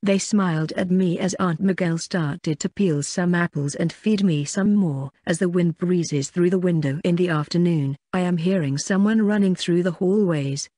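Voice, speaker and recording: A narrator reading a first-person story in an even, matter-of-fact way. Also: mid-range voice, moderate pace, hardly any pauses, no echo, clean studio sound. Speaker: audiobook narrator.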